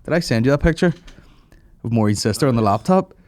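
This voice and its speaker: A man's voice: mid-range voice, expressive, fast, a little mellow. A man hosting a comedy podcast, telling rambling sweary stories in casual banter. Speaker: podcast host.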